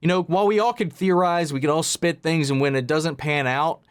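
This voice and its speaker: A man's voice: a little high, a little fast, clean tone, dry recording. A man hosting a reaction video, chatting casually in a rambling way, with lots of fillers and restarts. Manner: rambling, filler-heavy talk with frequent restarts.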